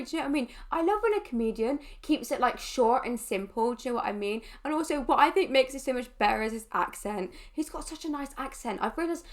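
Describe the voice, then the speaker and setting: Girl doing a reaction vid, high voice, rambly and chatty, says like a lot. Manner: chatty and rambling, full of fillers. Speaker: YouTuber reacting to a comedy clip. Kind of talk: casual reaction chat.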